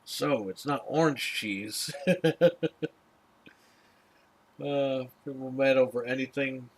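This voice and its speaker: A man's voice: medium pitch, steady tone, slow. A man hosting a casual podcast, telling an exasperated, profanity-laced story in a ranting chat. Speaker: podcast host.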